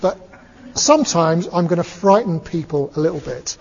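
A man's voice: a little high, lively intonation, normal speed, gravelly, darkish tone, a little hiss or hum. A man voicing a reformed male ogre who talks in a casual, sheepish way, in a told story. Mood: earnest. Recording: dull lo-fi recording, long reverb.

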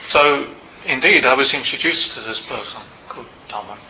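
An older man, a meditation teacher, tells a personal story to a group in a Buddhist centre, in a reflective and unhurried way with small asides. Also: mid-range voice, animated, sharp tone, a little hiss or hum. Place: Buddhist centre meeting room. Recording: roomy, slightly dull hall recording.

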